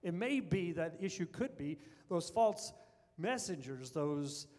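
A man's voice: fairly high pitch, sing-song, slow, a little mellow. A man preaching a sermon as pastor, earnest and building to fervent emphasis. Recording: long reverb of a large hall.

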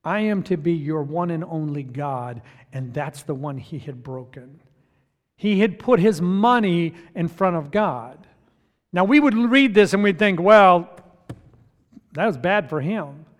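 High-voiced male pastor preaching, hall reverb. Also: animated, measured pace. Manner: swings from hushed to loud and emphatic. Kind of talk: sermon. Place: church sanctuary. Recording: long reverb of a church hall.

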